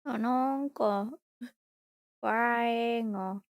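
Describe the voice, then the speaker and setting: A woman streaming from home, chatting casually and cooing to her pet in soft baby talk. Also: a little high, extremely slow, no echo, studio quality. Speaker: VTuber streamer.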